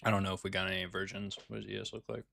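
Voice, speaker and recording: Gravelly, laid-back swearing trader. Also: male voice, deep voice, level tone, very fast, bright, forceful tone. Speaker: day trader. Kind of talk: casual live trading commentary.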